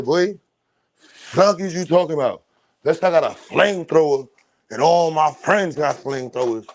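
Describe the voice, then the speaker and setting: Animated man ranting on a phone stream. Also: a little high. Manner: loud, animated, profane storytelling with bursts of laughter. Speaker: stream host. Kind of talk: casual livestream rant. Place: at home, moving between a room and the doorway outside.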